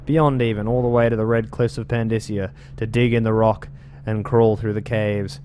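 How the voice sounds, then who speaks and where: A man reading the words of an old woman rambling about carved bones, in an unhurried, creepy way, reading game lore aloud. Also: lowish voice, level tone, warm tone, slight background noise, lightly acted. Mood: eerie.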